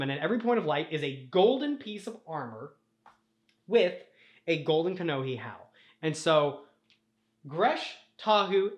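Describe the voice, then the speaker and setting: A young man tells a rambling comic story in a casual, profane way, with slightly high pitch. His voice carries a noticeable room echo around it. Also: fairly bright tone. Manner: profane, rambling, laughing at own slips. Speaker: host retelling a story.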